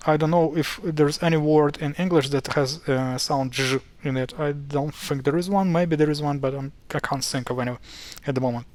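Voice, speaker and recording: A man's voice: on the high side, steady tone, normal speed, hardly any pauses, a little mellow. Chatty man explaining pronunciation. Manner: chatty, exasperated at mispronunciations, frequent fillers and restarts. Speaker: language explainer. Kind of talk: casual screen-share explainer.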